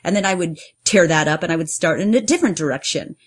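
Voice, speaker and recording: A middle-aged woman, a playwright and performer, telling her own story in an earnest way and getting lively when she acts out what people said. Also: fairly low pitch, quick pace, husky. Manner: earnest, animated when acting out quotes. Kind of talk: personal storytelling interview.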